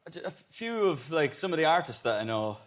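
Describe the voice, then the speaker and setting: A young man with an Irish accent, a musician guest on a chat show, answering in a laid-back, halting way with easy laughs. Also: a little high, big pitch swings. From Ireland.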